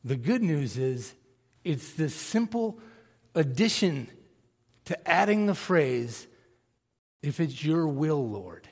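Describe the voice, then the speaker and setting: Pastor, male, somewhat high, husky and gravelly voice, long hall reverb, casual preaching that questions the room. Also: takes it slowly, long pauses. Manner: conversational, animated, asks the congregation questions. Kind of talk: sermon.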